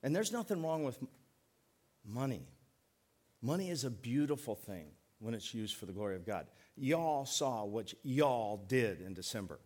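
Middle-aged male pastor, folksy sermon delivery, mid-pitched, slows down to stress key points. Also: sing-song, a little mellow. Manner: folksy, joking, emphatic preaching with slowed stresses.

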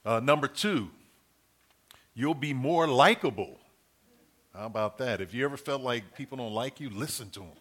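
A middle-aged preacher delivers an earnest, conversational sermon, counting through his points and repeating each key phrase for emphasis. His ordinary middle-pitched voice is animated and fairly bright, at normal speed with long pauses.

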